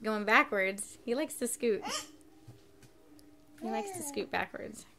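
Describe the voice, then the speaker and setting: A woman's voice: on the high side, very animated, slow pace, creaky, bright, forceful tone, a little hiss or hum. A young woman filming at home with a handheld camera, coaxing her baby in sing-song baby talk.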